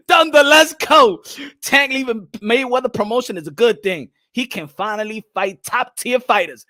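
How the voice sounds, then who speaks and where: A man hosting a boxing channel, ranting loudly in a mock-preacher style, laughing and breaking into song. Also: very high-pitched, unhurried. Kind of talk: excited livestream rant.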